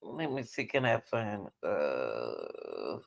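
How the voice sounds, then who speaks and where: Gravelly woman streamer, dull lo-fi sound. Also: very deep voice, very slow. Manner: scattered, excitable, repeats "hold on" while searching. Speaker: live-stream host. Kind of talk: casual live-stream commentary. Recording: dull lo-fi audio.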